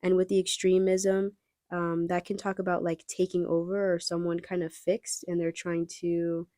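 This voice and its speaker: Low mellow woman, chatty tarot reader. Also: little pitch movement, normal speed, no echo, studio quality. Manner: chatty and rambling, addressing viewers directly. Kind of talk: casual pick-a-card tarot reading.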